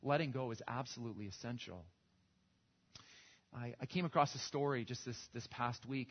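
Male pastor, husky middle voice, storytelling sermon, muffled recording. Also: mid-range voice. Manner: storytelling, with small restarts and repetitions. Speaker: preacher. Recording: dull lo-fi recording.

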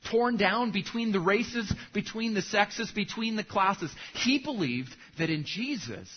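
A man's voice: on the high side, slightly rough, lo-fi sound. A man who is a pastor, preaching a sermon and telling a story with acted punchlines.

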